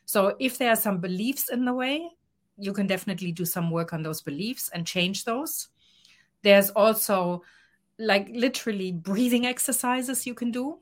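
A woman's voice: mid-range voice, normal speed. A woman coach being interviewed, talking earnestly and acting out little quoted exchanges as she explains. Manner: earnest, expressive, acts out quoted lines. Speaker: guest coach. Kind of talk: podcast interview.

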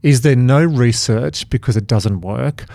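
A man hosting a podcast, telling his stories in an animated, vivid way. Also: medium pitch, unhurried, vocal fry, dry recording, studio quality. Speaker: podcast host. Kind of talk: conversational podcast storytelling.

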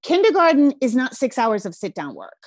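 A woman with a Rhode Island accent hosting a podcast, talking energetically and swearing casually in a relaxed chat. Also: high voice, a little fast. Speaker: podcast host.

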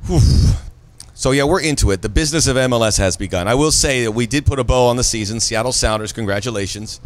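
A man's voice: medium pitch, fast. A middle-aged man co-hosting a casual podcast from an office building, with a jokey, upbeat delivery. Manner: jokey, hypey intro delivery. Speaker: podcast co-host. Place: office building, top floor.

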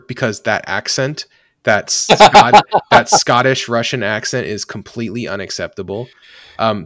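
A man's voice: lowish voice, a bit bright, no echo, clean studio sound. A man co-hosting a podcast, talking casually and rambling with lots of restarts and fillers. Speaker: podcast co-host. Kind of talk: casual chat.

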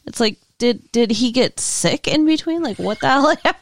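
A woman's voice: fairly high pitch, animated, moderate pace, no room sound. A woman co-hosting a podcast, chatting about a movie in a wry, offhand way. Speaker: podcast co-host. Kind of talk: casual movie review chat.

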